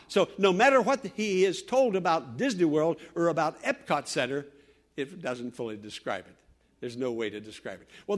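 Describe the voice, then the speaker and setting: A male pastor preaching a radio sermon, telling personal stories in an earnest way, rising to loud exhortation and dropping to hushed tones. He grew up in Western Pennsylvania. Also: a little high.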